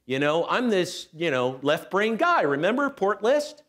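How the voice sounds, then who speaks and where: A middle-aged man giving a talk at a spiritual center as guest speaker, telling a personal story with animated, self-mocking delivery and acting out voices. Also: sits high, unhurried. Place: church hall. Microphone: handheld microphone.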